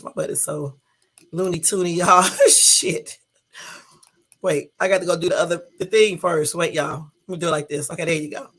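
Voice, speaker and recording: A woman's voice: on the low side, fairly bright tone. Chatty, breathless woman live-streaming. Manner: chatty, loose and rambling, addresses viewers as y'all. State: tired and a bit out of breath. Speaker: YouTube live host. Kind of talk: casual live-stream chat.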